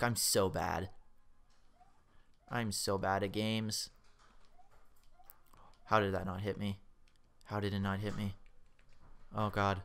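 A young man giving casual, excitable commentary while playing a video game, swearing freely and mocking his own skill. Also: fairly low pitch, moderate pace, pauses often, clear, resonant tone. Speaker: let's play gamer.

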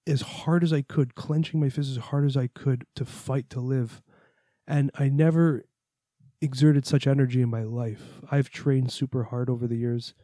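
A man's voice: medium pitch, dark tone, no room sound, studio quality. A man hosting a podcast, recounting a personal experience in an earnest, reflective way, with the odd curse. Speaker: podcast host. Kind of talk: personal storytelling monologue.

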